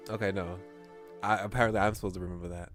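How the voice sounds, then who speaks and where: A man streaming a game and reacting excitedly to the story. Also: sits low, racing, soft background music. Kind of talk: game let's play commentary.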